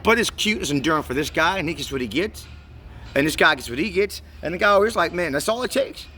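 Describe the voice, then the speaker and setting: A man's voice: on the high side, animated, quick pace, pushed and bright, a little hiss or hum. A man telling a long, meandering story to the camera in a profane, rambling way, often stumbling and repeating words as he searches for what to say. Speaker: vlogger.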